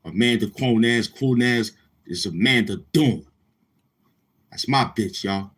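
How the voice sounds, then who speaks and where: Man, husky voice, livestream host, brash crude chat, repeats himself. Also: on the low side, takes it slowly, fairly bright tone. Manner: boastful, crude, repetitive street talk. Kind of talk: casual livestream chat with viewers.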